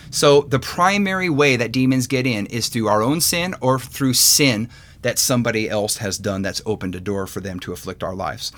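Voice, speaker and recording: A man's voice: mid-range voice, a bit bright. Guy preaching on a podcast, earnest and chatty, lots of uhs and restarts. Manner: earnest, with many fillers and restarts. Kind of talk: sermon-style teaching.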